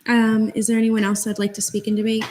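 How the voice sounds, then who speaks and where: A young woman chairing a student senate meeting, reading votes and calling speakers in a brisk procedural way. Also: fairly high pitch, completely flat delivery, a little mellow, a little hiss or hum.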